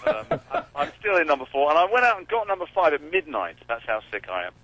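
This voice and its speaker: A man's voice: fairly high pitch, wildly swooping pitch, fast, highs cut off, noisy background. An English man calling in by phone to a radio show, joking and making fun of himself. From England. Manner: wry, self-mocking, joking. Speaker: celebrity caller. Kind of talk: casual phone-in chat. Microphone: phone while driving.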